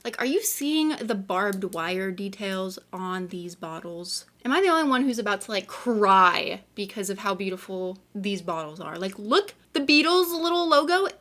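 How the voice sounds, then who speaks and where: A woman hosting a nail unboxing vlog, gushing and excitable, talking casually with gasps and plenty of "like". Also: mid-range voice, a little hiss or hum. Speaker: nail vlogger.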